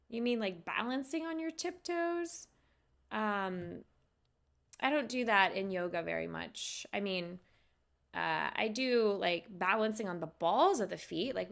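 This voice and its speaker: A woman's voice: medium pitch, gravelly. A young adult woman, a yoga instructor, chatting casually with viewers on a live stream and answering their questions.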